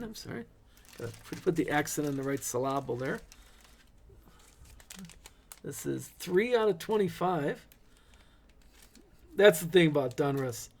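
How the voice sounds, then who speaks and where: A middle-aged man hosts a live trading card break in a relaxed, chatty way, tossing in corny dad jokes between pulls. His voice sits a touch high for a man and has a gravelly edge.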